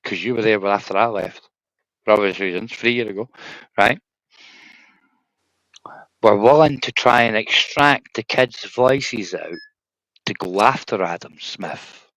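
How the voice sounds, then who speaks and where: A man's voice: on the low side, unhurried, long pauses, fairly bright tone, no echo, rough recording. Sweary Scottish man rambling on a stream. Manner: rambling, sweary, peppered with "right?". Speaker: livestream host. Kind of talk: casual chat.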